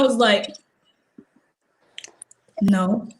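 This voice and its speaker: A teenage girl and high school student, telling a story in casual chat, acting out the dialogue with lots of fillers. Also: unhurried, long pauses, echoey room, a little hiss or hum, rough recording. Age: teens. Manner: animated, acts out quoted dialogue, many "like" fillers.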